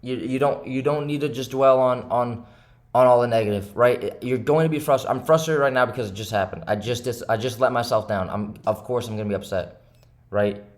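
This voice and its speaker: A young day trader who hosts a channel talks over his charts to viewers after a bad day, frustrated and upset. In a mid-range voice at a fairly quick pace, he repeats himself, keeps asking "right?" and swings between heated and subdued.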